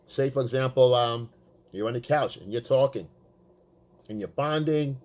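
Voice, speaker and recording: A man's voice: mid-range voice, normal speed, darkish tone. A man talking as a dating coach, casual and profane, repeating himself for emphasis. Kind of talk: casual coaching talk to the camera.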